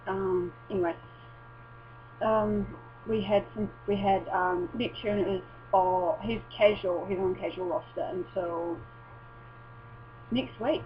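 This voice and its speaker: A woman's voice: mid-range voice, unhurried. Rambling, sweary woman with a hum behind. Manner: rambling, sweary and self-interrupting. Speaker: vlogger. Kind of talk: casual chat. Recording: dull lo-fi recording with mains hum.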